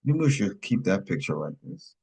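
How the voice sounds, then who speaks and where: A man's voice: deep voice, big pitch swings, moderate pace, gravelly, mellow, breathy edge. A man co-hosting a casual film review podcast over a video call, rambling and tacking on "and stuff like that.". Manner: rambling, often adds "and stuff like that". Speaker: podcast co-host.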